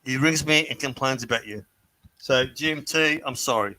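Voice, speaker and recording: A man's voice: medium pitch, normal speed, pushed and bright. A man teasing and joking in a casual group chat on a show. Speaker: show regular.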